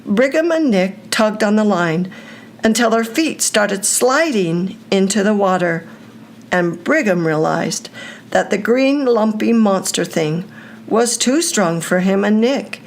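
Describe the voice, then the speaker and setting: An older woman reading a children's story aloud, with a slow, deliberate storytelling delivery. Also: mid-range voice, vocal fry, a little hiss or hum.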